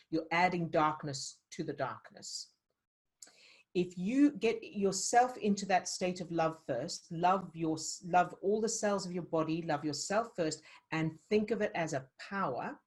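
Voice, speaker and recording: A woman coaching a live online session, talking earnestly and encouragingly, with frequent restarts. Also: lowish voice. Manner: earnest, encouraging, many restarts and "you know". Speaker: emotional fitness coach. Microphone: video call.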